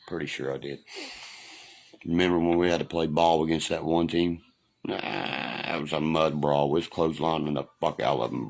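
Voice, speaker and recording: Reminiscing on a casual home livestream, the host spins loud, profane, rambling stories in a very deep, gravelly voice. Along the way he reads out comments and answers them.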